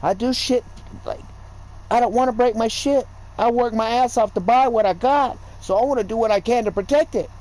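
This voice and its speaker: A man's voice: extremely high pitch, a little fast, darkish tone, rough recording. A man streaming a game and talking casually, in a profane, rambling, lecturing way. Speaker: gaming streamer. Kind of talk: casual livestream rant.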